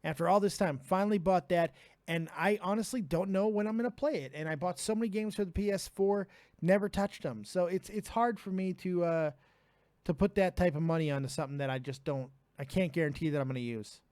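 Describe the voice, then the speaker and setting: A man's voice: sits high, fairly quick, a little mellow, dry recording. A man hosting a live call-in stream, chatting casually, laughing often and swearing freely. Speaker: livestream host taking calls.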